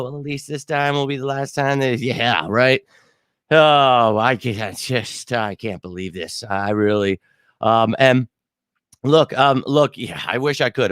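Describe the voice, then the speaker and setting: A man in the middle of an angry postgame rant, irate and still shaken, tripping over his words and starting over. His voice sits at an ordinary pitch and is recorded close and dry, with no room sound around it. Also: clear, resonant tone, dry recording. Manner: angry, exasperated rant with frequent restarts. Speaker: podcast host. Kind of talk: postgame fan reaction talk.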